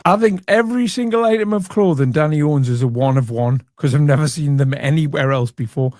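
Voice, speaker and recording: A man in his forties, talking a little higher than most men, delivers dry, sarcastic commentary over someone else's clip. His remarks are flat and teasing. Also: fairly quick, no echo. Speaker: commentary host. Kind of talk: mocking comedy commentary.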